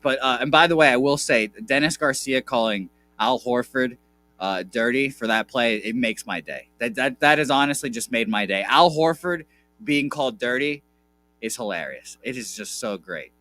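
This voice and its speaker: A man on a sports betting radio show, talking fast and heated, gloating, swearing and repeating himself. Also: mid-range voice, lively intonation, bright, forceful tone.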